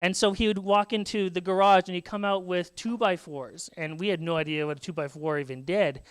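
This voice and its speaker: This Saskatchewan pastor, a man in his thirties, speaks briskly and steadily in a high register while sharing family stories from the pulpit of a church sanctuary. He slips into his children's voices as he tells them, and the audio is clean without echo.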